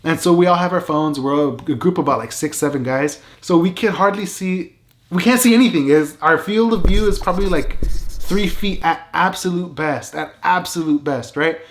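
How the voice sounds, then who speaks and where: Male vlogger, storytime; fairly high pitch, animated and emphatic, leans on fillers. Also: moderate pace. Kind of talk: casual storytelling.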